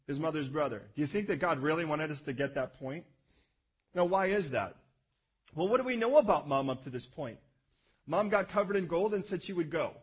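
A middle-aged man preaching a sermon as pastor, telling the story with animated, acted-out scenes. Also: a little high, husky, poor audio.

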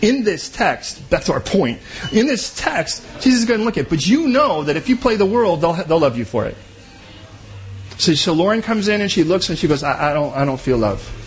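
A man with a notably high voice, preaching a sermon. He talks conversationally, throws in jokes, and briefly slips into other people's voices to make his points. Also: sing-song, soft background music. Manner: conversational and joking, acts out quick voices. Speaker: pastor.

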